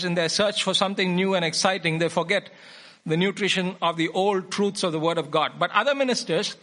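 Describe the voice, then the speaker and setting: A man's voice: high voice, a bit bright. A man preaching a sermon, reading scripture aloud and repeating key phrases for emphasis.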